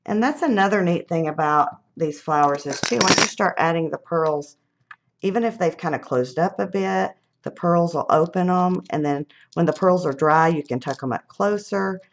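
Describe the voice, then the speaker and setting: A woman's voice: lowish voice, moderate pace, a little hiss or hum. Chatty woman demonstrating crafts. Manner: chatty, self-laughing, thinking aloud while working. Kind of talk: live crafting demo.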